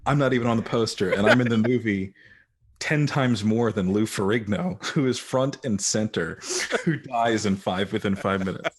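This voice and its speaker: A man's voice: fairly low pitch, moderate pace, husky. A man who is an actor, guesting on a podcast and telling stories in a laid-back, self-deprecating way. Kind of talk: casual interview chat.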